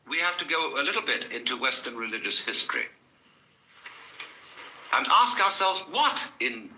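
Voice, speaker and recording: A man's voice: medium pitch, sharp tone, echoey room, a little hiss or hum, low-quality recording. A man giving a public lecture to a live audience, telling stories in a wry manner with dry asides.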